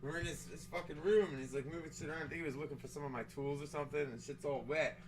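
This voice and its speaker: A man hosting a casual bar-style talk show, swearing freely and getting loud and animated when telling stories. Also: on the high side, rapid-fire, distant mic. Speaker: host.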